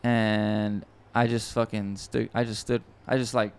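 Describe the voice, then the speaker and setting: A man hosting a podcast, telling a story in a casual, excitable and rambling way with frequent swearing and restarts. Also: lowish voice, a little slow, clean tone. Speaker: podcast host and music producer.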